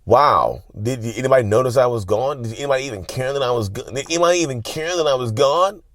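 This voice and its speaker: A man's voice: fast, a bit bright, dry recording, clean studio sound, natural voice. A man putting on the voice of a whiny, self-pitying narcissist man who guilt-trips with plaintive questions. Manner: high plaintive whine, guilt-tripping questions.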